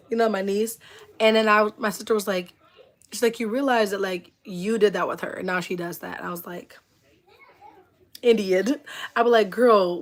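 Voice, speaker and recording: A woman in her thirties hosting a casual livestream, chatty and animated, reading viewer comments aloud and laughing often. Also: medium pitch. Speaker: livestream host.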